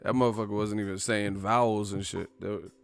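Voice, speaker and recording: A man hosting a video, ranting in a profane, animated, joking way. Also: lowish voice, brisk, gravelly, clean tone, no room sound. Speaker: video host. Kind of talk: casual comedic rant.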